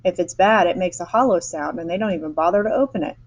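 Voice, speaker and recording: A woman voicing a brisk, eccentric male chocolate maker who hurries everyone along, reading a storybook aloud. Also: lowish voice, muffled recording, lightly acted. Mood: brisk cheer.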